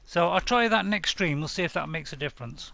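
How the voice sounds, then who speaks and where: A chatty, self-mocking man talks his viewers through a survival game on a live stream. His voice sits a little high and has a gravelly edge. The tone stays bright and forward throughout. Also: animated, fairly quick. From United Kingdom. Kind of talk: casual live-stream commentary.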